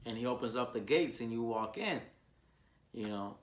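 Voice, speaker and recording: A man preaching an informal sermon, earnest and repetitive, with his voice rising loud on key words. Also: medium pitch, animated, moderate pace, roomy sound.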